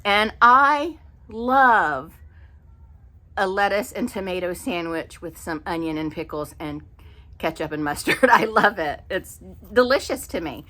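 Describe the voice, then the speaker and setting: A middle-aged woman telling a story in an exasperated, animated casual rant with many fillers. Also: medium pitch, a little slow. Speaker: vlogger. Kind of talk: casual ranting monologue.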